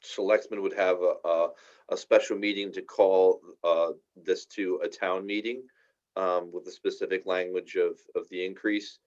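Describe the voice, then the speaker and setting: A man's voice: sits low, level tone, normal speed, darkish tone. A man explaining a school project's timeline to a town finance board, talking at length with many fillers. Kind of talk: public meeting discussion. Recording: dull lo-fi meeting audio.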